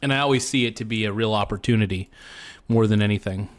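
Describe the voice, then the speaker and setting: A man's voice: fairly low pitch, fast talker. Laid-back rambling man streaming live. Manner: rambling, laid-back, joking, many fillers. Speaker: show host. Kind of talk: casual livestream chat.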